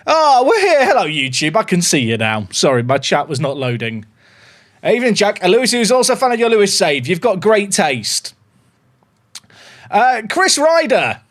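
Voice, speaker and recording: A chatty man hosts a casual livestream from his home office. His voice sits high and swings freely up and down as he talks to his viewers. He keeps an upbeat, friendly flow. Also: huge pitch swings, moderate pace, fairly bright tone.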